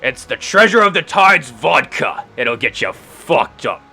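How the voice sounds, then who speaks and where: Guy doing a rowdy pirate barkeep, loud and high, bellowing at everyone. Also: big pitch swings, unhurried, creaky, husky, soft background music, heavily acted. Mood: jovial. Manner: boisterous, shouting.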